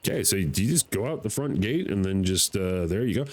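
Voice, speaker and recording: Excitable American streamer, swinging pitch. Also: male voice, fairly quick, poor audio. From United States. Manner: excitable, swearing, talking to himself. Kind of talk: live gameplay commentary.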